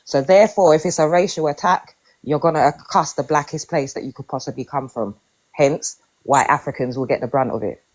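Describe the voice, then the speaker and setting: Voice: mid-range voice, brisk, darkish tone, rough recording. A podcast panelist in a casual debate, arguing firmly and explaining point by point. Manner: firm, explanatory, argues point by point.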